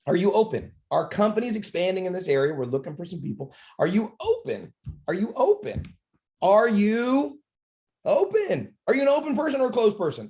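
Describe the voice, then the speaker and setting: A man in his thirties giving a live motivational training talk, telling stories with lively acted-out dialogue and phrases repeated for emphasis. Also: a little high. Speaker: network marketing trainer.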